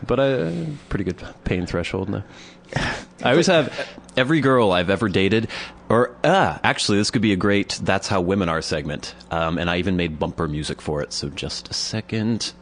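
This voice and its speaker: Lively young man telling comic stories. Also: deep voice, moderate pace, slight background noise. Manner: animated storytelling, mimics women's grunts. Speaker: podcast co-host. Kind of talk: casual comedic chat.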